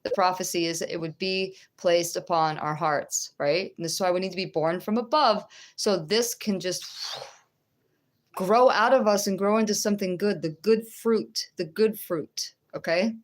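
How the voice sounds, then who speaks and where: A middle-aged woman giving a religious teaching and testimony, conversational and halting, often checking in with the listener. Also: on the low side. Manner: halting, with restarts.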